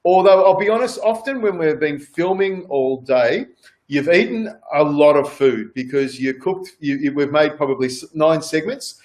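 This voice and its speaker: An Australian man with a voice a little higher than most men talks casually as a guest. He rambles, restarts sentences and fills gaps with "um" and "you know". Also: normal speed, darkish tone. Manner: rambling, repeats words, many fillers. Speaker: celebrity chef guest. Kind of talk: casual chat on a video call.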